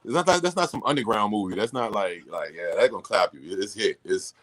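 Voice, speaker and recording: A man's voice: lowish voice, lively intonation, a little fast, fairly bright tone, poor audio. A man hosting a live stream in casual chat, laid-back and slangy, often restarting his sentences. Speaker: streamer host.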